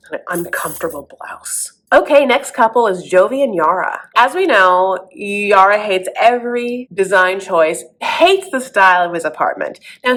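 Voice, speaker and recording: Sarcastic woman host, sassy recap commentary, mid-pitched, calls everyone honey. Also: a bit bright. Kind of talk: comedic commentary.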